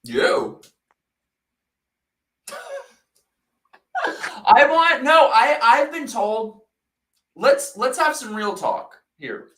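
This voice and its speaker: A man hosting a casual live-stream chat, loud, crude and excitable, quick to laugh. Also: very high voice, roomy sound. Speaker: podcast host.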